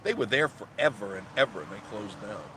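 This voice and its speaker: A man hosting a casual live stream from a parked car, ranting loudly and sarcastically, then reading viewer comments. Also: fairly low pitch, animated, a little fast, noisy background. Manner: loud, ranting and sarcastic, mocking voices.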